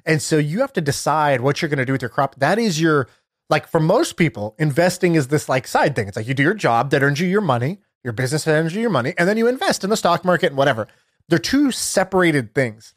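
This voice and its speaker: A man chatting on a podcast with a somewhat high-pitched voice, telling a story with lots of fillers and energy. The sound is dry and close to the mic. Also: fast talker, no echo. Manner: animated storyteller, many fillers, laughs while telling. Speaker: podcast co-host. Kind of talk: casual chat.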